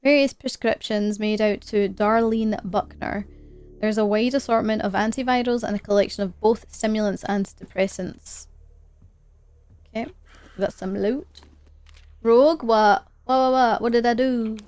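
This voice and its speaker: A woman's voice: a little high, fairly even intonation, measured pace, a little mellow, smooth. A woman streaming a game live, chatting and laughing as she plays. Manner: chatty, laughs often, jokes about her accents. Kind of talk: live gameplay commentary.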